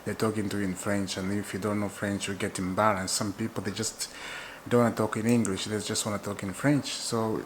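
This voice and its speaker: A man from Zambia, hosting his own football channel in an excitable, chatty way and laughing often. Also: lowish voice, fairly quick, slight background noise, poor audio. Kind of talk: casual football chat to camera.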